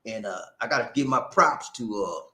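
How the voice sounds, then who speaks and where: A man hosting a casual livestream, animated and breaking into sung catchphrases. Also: on the low side, moderate pace, reverberant. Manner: animated, sings and shouts catchphrases. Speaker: livestream host. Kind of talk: casual live chat. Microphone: new noise-reducing mic.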